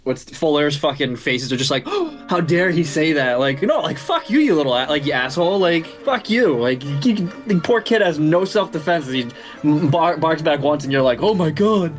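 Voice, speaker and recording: A man's voice: a little high, big pitch swings, normal speed, hardly any pauses, soft background music. A man co-hosting a casual film review podcast, ranting and swearing often, laughing between points. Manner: swears a lot, rants with laughter. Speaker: podcast co-host.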